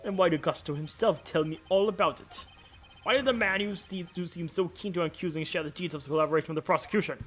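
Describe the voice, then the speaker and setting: A man voices a composed prosecutor from a video game, reasoning through the case in a measured way. His voice is slightly higher than average. Game music plays faintly in the background. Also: fairly bright tone, lightly acted. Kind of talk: reading game dialogue aloud.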